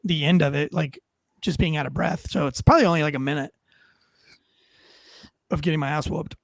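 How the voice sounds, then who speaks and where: A man's voice: a little high, steady tone, fairly quick, creaky, dry recording, studio quality. A man, a former police officer, telling a story in a casual interview in a blunt, profane, rambling way.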